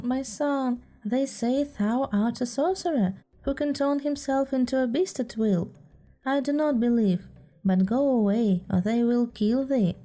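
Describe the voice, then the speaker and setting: A woman voicing a tender, frightened village mother, soft and pleading, in a storybook reading. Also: medium pitch.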